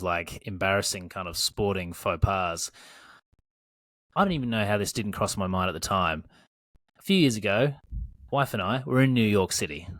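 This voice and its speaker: A man in his thirties, a podcast co-host telling animated stories in casual chat, swearing and acting out what people said. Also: on the low side, no room sound. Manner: animated storyteller, swears, acts out his own quoted lines.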